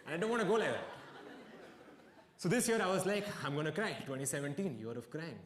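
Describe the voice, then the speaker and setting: A man's voice: on the high side, fast talker. A young man telling stories in a stand-up comedy set, acting out the dialogue as he goes. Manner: animated storytelling with acted-out dialogue. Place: comedy stage with audience. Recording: echoey venue with background noise.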